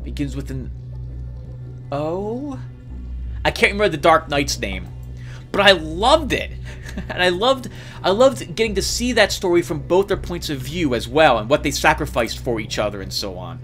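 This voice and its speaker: A man hosting a let's play, chatting casually and rambling excitedly as he plays, laughing often. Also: on the high side, moderate pace, soft background music. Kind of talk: casual gameplay commentary.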